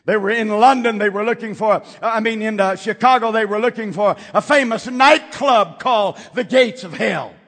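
Gravelly, bright-voiced man preaching. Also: high-pitched, normal speed, hardly any pauses, in a large hall. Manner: dramatic swings from whispers to shouts. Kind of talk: sermon.

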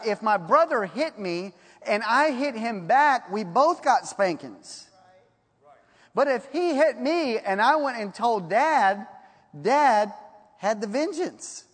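A man preaching a sermon in a folksy storytelling way, reading scripture slowly. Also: very high voice, long reverb tail.

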